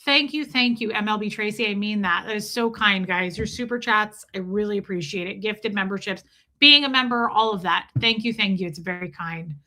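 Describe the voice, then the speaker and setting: A woman's voice: mid-range voice, moderate pace, pushed and bright. A woman hosting a livestream, chatting casually and effusively thanking her viewers. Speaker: livestream host.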